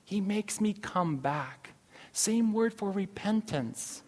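A man preaching a sermon as a pastor, slow and emphatic, with sudden loud rises on key phrases. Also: sits high, expressive. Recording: long reverb of a large hall.

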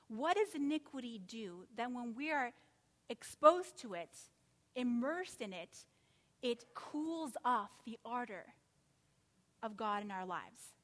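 A woman preaching a sermon, animated and full of rhetorical questions, acting out quotes as she goes. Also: fairly high pitch, long reverb tail.

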